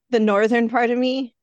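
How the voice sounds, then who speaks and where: A woman guest in casual chat, telling relaxed stories with light laughs. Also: on the high side, slow, no echo, studio quality.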